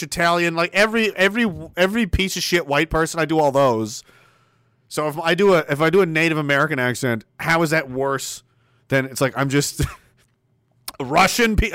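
A high-pitched man hosts a casual livestream, reading viewer messages aloud and answering them bluntly. He swears freely and slips into heated rants, and his voice comes across close and dry. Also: sharp tone, dry recording. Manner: blunt, profane, ranting. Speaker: livestream host reading chat. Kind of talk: casual live chat commentary.

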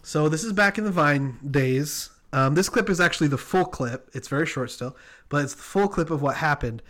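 A man's voice: a little high, moderate pace, fairly bright tone. A man co-hosting a casual chat show, bubbly and laughing often while he introduces clips. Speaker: podcast co-host.

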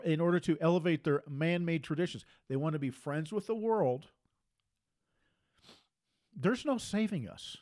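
Male preacher, insistent and repetitive, sits a bit high in his range. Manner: emphatic and repetitive, hammering phrases. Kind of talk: preaching monologue.

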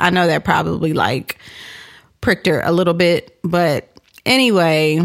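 A woman in her thirties tells a personal story to camera. Her voice sits low with a gravelly fry, and she chats in an animated, filler-heavy way. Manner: animated, chatty, lots of "like" and "you know".

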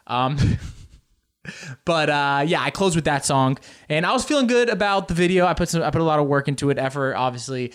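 Male stand-up comic, lively storyteller who swings into outraged squeals; voice on the higher side. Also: fairly quick, clean tone. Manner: animated, jumps into squeals and mock outrage. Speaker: comedian. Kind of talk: stand-up comedy.

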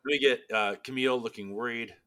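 A man in casual chat reacting to a trailer, excited and rambling with lots of fillers. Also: medium pitch, brisk.

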